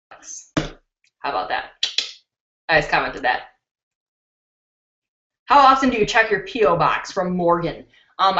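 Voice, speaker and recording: Bubbly woman on a roomy webcam stream. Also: fairly low pitch. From Chicago. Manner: bubbly, excitable, reads out viewer comments. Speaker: beauty YouTuber hosting a live stream. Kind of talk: live stream chat reading comments. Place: indoors at her computer. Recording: roomy, dull lo-fi webcam sound.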